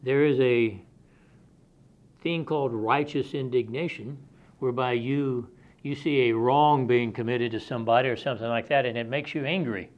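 A man's voice: mid-range voice, steady tone, moderate pace. Man preaching a plain-spoken sermon. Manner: conversational, reads scripture aloud then explains it plainly. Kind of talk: expository sermon. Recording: dull lo-fi sermon recording.

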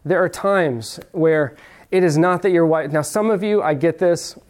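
A man with a fairly high voice delivers a sermon. He talks to the congregation like a conversation, throws questions at them, and slows right down on the words he wants to stress. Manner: conversational preaching, direct questions to the audience; slows down to stress key phrases. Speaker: pastor.

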